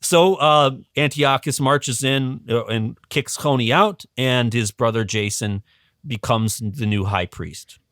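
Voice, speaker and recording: Male podcast guest, lively casual storyteller with chuckles and restarts, mid-pitch voice. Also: takes it slowly, dry recording, studio quality. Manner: animated, chuckling, many restarts. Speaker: guest educator.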